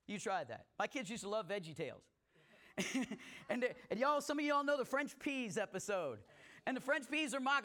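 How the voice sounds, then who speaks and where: A middle-aged man with a notably high voice, preaching to his congregation. He talks conversationally, mixing folksy asides with emphatic, building points. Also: sing-song, normal speed, bright, forceful tone. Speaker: pastor. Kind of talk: sermon.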